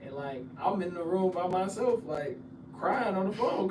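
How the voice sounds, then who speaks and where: A young man tells his college stories in lively slang, his voice sitting a touch high and climbing loud when he gets worked up. He is heard from a distance in an echoey room. Clear background noise runs under him. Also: normal speed. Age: young adult. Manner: animated slang storytelling, rises loud when excited. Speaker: former college football player, guest. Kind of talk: casual podcast chat.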